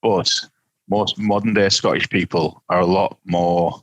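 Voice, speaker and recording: Male podcast co-host, husky and lowish voice, rambling and playful, dry close sound. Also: steady tone, a little slow, dry recording, poor audio. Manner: rambling, many restarts, playful. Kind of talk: casual film review chat.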